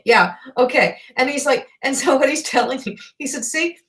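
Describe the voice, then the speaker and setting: A middle-aged woman from Newfoundland hosting live psychic readings, talking in a halting, rambling way full of fillers. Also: high voice, fairly bright tone.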